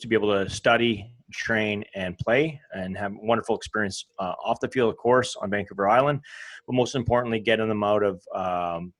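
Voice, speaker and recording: A man's voice: medium pitch, no echo, low-quality recording. A man co-hosting a rugby podcast, chatting easily with a few hesitant restarts. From Canada. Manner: easygoing, warm chat with hesitant restarts. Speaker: podcast co-host and rugby coach. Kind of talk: casual podcast chat.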